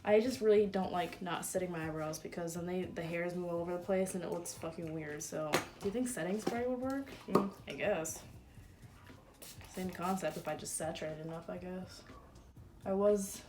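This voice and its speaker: Loud music plays behind a fairly low-pitched woman talking at normal speed as she does her makeup in a room at home. She's a beauty vlogger in her twenties, and her get-ready-with-me chat is casual, chatty, crude and full of "like."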